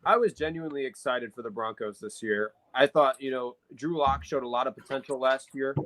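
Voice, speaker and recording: A man's voice: mid-range voice, fairly quick, a crowd in the background, low-quality recording. Man, podcast co-host, analytical sports talker, mid-range voice, filler-heavy casual delivery. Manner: analytical, talks at length with many fillers.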